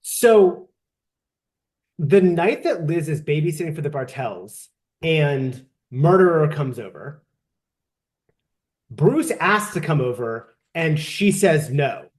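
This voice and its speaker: A woman co-hosting a podcast, commenting on a book in a casual, animated way with sarcastic asides. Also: low-pitched, slow pace, long pauses. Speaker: podcast co-host. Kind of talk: casual book-recap chat.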